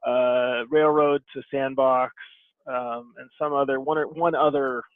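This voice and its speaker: Male guest, conversational and musing, many pauses; thin phone-like audio. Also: medium pitch, steady tone, no echo. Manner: thoughtful, rambling with many pauses. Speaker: game publisher guest. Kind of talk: casual video-call conversation.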